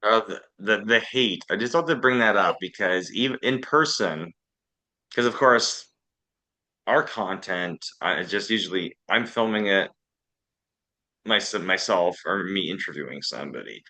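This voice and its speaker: Bright-voiced Canadian man telling stories. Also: deep voice, animated, measured pace, low-quality recording. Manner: anecdotal, self-deprecating storytelling. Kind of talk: casual group discussion.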